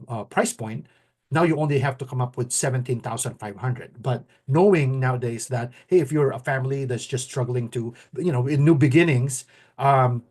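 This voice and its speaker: An excited middle-aged man who stumbles over his words, repeating and restarting as he talks. His voice sits at a middle pitch, and he speaks in a casual, conversational way as a co-host. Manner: excited, stammering with many restarts.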